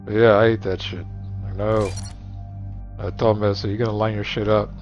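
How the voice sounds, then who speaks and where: A man's voice: fairly low pitch, little pitch movement, a little fast. A middle-aged man chatting casually while gaming, rambling and profane, cracking jokes at his friends' expense. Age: 40s or 50s. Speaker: gamer streaming. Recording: dull lo-fi recording, faint music.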